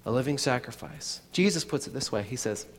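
A man's voice: medium pitch, lively intonation, fairly quick, husky, long reverb tail. A man preaching a sermon in a chatty way, with many restarts and asides to the congregation. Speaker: pastor.

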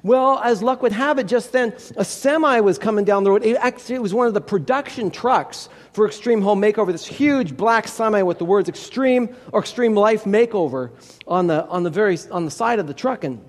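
A man's voice: sits high, a little fast. A man telling a story aloud, chatty and digressive, talking straight to his listeners. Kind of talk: oral storytelling performance. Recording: long hall reverb.

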